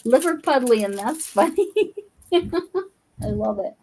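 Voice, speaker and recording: A woman's voice: mid-range voice, unhurried. Chatty woman from Colorado hosting. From Colorado, USA. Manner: chatty and curious, musing aloud. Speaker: host. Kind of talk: casual livestream chat while crafting.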